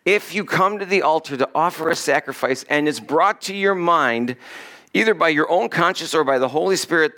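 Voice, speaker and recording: A man's voice: on the high side, a bit bright. A man preaching a sermon to a congregation, talking casually and joking between scripture readings. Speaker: pastor.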